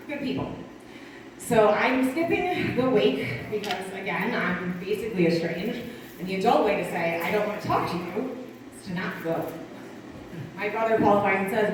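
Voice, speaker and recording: A woman in her thirties from Connecticut doing a rambling stand-up set with dark humor and lots of asides. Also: fairly high pitch, slight background noise. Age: 30s. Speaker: stand-up comic. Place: small live performance venue. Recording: distant echoey room mic.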